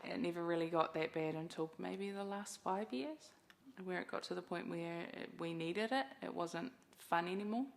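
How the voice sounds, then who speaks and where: Brief: young New Zealand woman, frank and casual interviewee, lowish voice with fry. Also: normal speed. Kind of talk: documentary interview.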